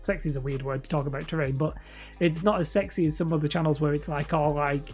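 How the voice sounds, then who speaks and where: A woman's voice: deep voice, steady tone, fast, darkish tone, soft background music. A woman with a slight lisp, hosting a rambling live stream and chatting to viewers. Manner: rambling, self-correcting, laughs often. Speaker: host streaming live and reading chat. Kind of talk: casual livestream chat.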